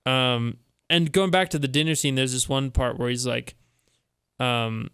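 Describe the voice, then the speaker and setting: A man co-hosting a casual film review, pausing often to search for his words. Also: medium pitch, a bit bright, smooth, no echo, clean studio sound. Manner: hesitant, searching for words with fillers.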